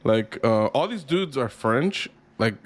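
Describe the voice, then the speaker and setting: Man, podcast co-host, mid-pitched voice, casual, swears, repeats words. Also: lively intonation, slow pace. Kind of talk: casual chat.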